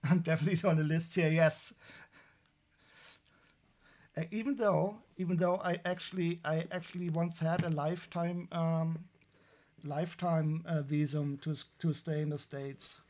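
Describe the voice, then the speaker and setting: A man's voice: a little high, level tone, unhurried, pauses often, a little mellow. German-accented man chatting on a stream. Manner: wry, rambling, many restarts and fillers. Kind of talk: casual live-stream chat while unboxing.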